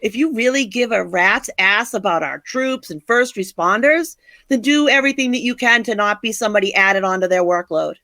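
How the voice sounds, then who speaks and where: A woman's voice: medium pitch, a little fast, pushed and bright, no room sound. An older American woman co-hosting a podcast, talking in a blunt, angry, emphatic way. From United States. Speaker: podcast co-host. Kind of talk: passionate opinion chat.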